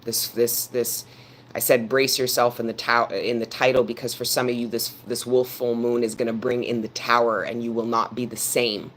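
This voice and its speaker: Flat-voiced man preaching at a tarot reading. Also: medium pitch, moderate pace, a little hiss or hum. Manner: earnest, preaching directly to his audience; repeats phrases for emphasis. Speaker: tarot reader. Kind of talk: live tarot reading to viewers.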